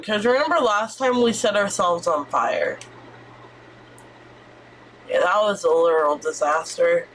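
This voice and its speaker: A woman streamer giving excitable let's-play commentary, squealing and swearing as she reacts. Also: mid-range voice, slight background noise.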